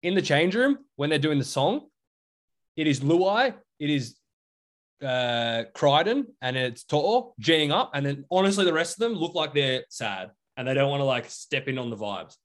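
A man's voice: on the high side, sing-song, moderate pace. A young Australian man co-hosting a podcast in casual chat, rambling with lots of fillers. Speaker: podcast co-host.

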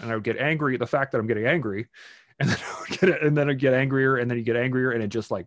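A man in casual conversation, animated and swearing freely as he acts out his own angry outbursts. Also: medium pitch, fast talker, no room sound, clean studio sound.

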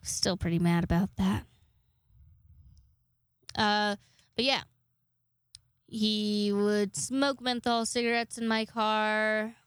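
On her solo podcast, a young woman with a smooth mid-range voice speaks slowly with little pitch movement and long pauses. She rambles casually, swears a lot and puts herself down, on a dry recording.

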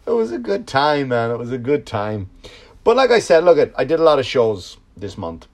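A comedian who hosts a podcast tells a story in a casual, profane monologue, veering between loud outbursts and low mutters.

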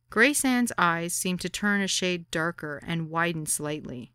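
Brief: female memoir narrator, wry deadpan delivery, bright crisp tone, lower pitch. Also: a little slow, hardly any pauses, no room sound, studio quality. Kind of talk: audiobook memoir reading.

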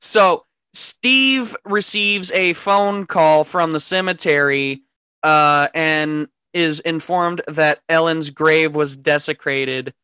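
Podcast co-host, playful and swearing, crisp bright tone, dry studio sound. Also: medium pitch, slow pace, no echo. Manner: profane, giggly, playful. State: says they are high. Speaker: podcast co-host recapping the film. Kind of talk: casual podcast chat. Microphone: podcast microphone.

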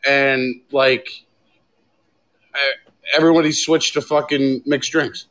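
A man's voice: mid-range voice, little pitch movement, takes it slowly, a bit bright, low-quality recording. Swearing, ranting podcast guy. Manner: profane, ranting, laughs often. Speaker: podcast co-host. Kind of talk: casual podcast banter.

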